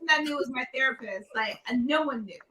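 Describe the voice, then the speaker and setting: A woman's voice: high-pitched, quick pace, pushed and bright, roomy sound. A woman author on a panel, chatting candidly and laughing often. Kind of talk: casual panel chat.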